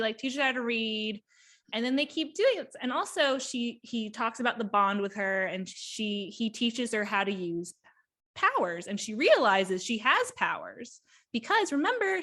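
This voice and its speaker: A woman co-hosting a podcast, chatting about a book in an excited, rambling way with quick bursts. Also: a little high. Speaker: podcast co-host. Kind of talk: casual book chat.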